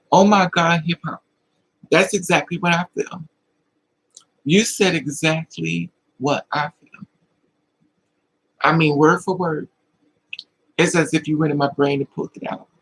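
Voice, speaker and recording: Man, livestream host, emotional confiding chat, slightly high voice, gravelly. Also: a bit bright, low-quality recording. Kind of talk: casual livestream talk, answering chat.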